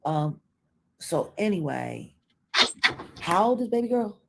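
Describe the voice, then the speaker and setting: A woman co-hosting, calmly asking questions to clear up facts. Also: fairly low pitch, slow, noisy background.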